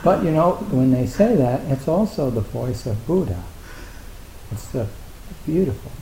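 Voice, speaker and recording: A man's voice: mid-range voice, big pitch swings, a little slow, dark tone. A man giving a Zen dharma talk, rambling and self-deprecating, with lots of filler words. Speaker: Zen teacher. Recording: echoey hall with faint hiss.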